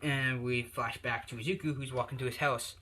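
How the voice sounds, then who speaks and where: A man improvises a fan story in a loose, rambling way, padding it with fillers as he thinks. His voice is bright and forceful, at a middle pitch, recorded on a tablet. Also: fairly even intonation, a little fast, a little hiss or hum.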